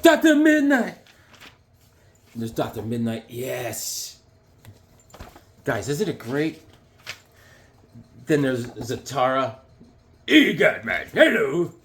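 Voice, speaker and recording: A man talking casually and excitedly, rambling through his collection with lots of fillers and restarts. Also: medium pitch, a little hiss or hum. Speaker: comic book collector reviewing issues. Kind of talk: casual show-and-tell vlog.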